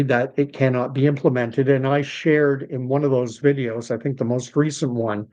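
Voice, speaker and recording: This podcast host is a Canadian man with a mid-range, dark voice and Canadian English accent. Running an unscripted livestream, he thinks aloud in a chatty way, using fillers and starting sentences over.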